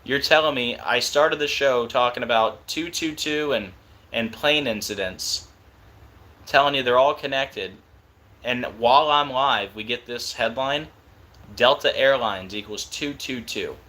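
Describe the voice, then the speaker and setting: Excited, fast-talking young man. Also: medium pitch. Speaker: live stream host. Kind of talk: casual live stream talk.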